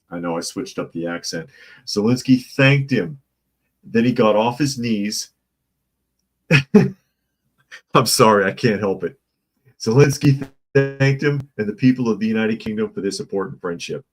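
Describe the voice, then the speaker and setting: A man's voice: on the low side, measured pace, long pauses, rough recording. A man hosting a casual opinion show on the news, sarcastic and improvising jokes while reading articles. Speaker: news commentary host.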